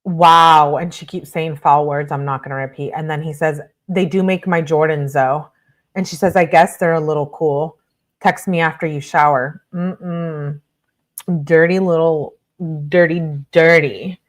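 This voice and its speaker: Woman w a lowish voice doing true crime commentary, reads texts out then snarks at them. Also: fairly even intonation, unhurried, dry recording. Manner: sarcastic, exasperated asides. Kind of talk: reading texts aloud with commentary.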